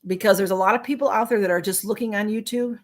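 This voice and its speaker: A woman's voice: mid-range voice, fairly even intonation, quick pace. A woman hosting a casual live stream, chatting and answering viewer comments in a sympathetic way, with frequent ums and restarts. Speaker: livestream host reading viewer comments.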